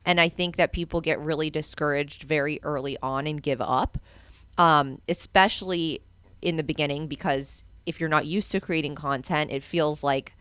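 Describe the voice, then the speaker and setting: A young adult woman co-hosting a marketing podcast, talking in a lively, earnest way with casual fillers. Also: deep voice, normal speed, smooth, dry recording. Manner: animated, earnest advice-giving with fillers. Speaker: co-host.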